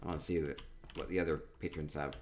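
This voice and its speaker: A man chatting casually through a tour of a game, upbeat and quick to repeat himself, with soft laughs between remarks. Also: extremely low pitch, steady tone. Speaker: gaming streamer touring player-built homes. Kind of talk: casual gameplay commentary.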